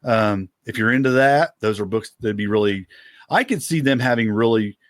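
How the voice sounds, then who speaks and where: A man's voice: fairly low pitch, normal speed, dry recording, clean studio sound. A man co-hosting a podcast in casual chat, talking in an easygoing, rambling way and laughing often. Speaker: podcast co-host.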